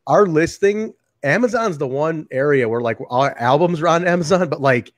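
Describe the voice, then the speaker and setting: A man's voice: a little high, expressive, normal speed, dry recording. Rambling guy on a video call, dry sound. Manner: rambling, filler-heavy. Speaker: band member. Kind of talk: casual chat.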